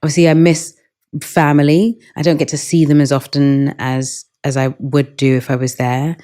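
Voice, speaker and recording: A woman's voice: deep voice, moderate pace. Thoughtful London woman talking as a guest. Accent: London English. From Stockwell, London, England. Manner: thoughtful, relaxed, many fillers. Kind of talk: conversational interview.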